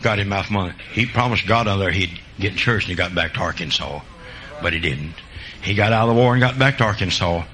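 A man preaching a sermon and telling folksy country stories, jumping between loud high bursts and low quiet asides. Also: fast, poor audio.

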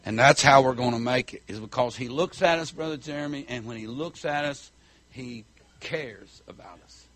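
A middle-aged man preaching a fiery country sermon, whooping and shouting, then dropping low and soft. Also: moderate pace.

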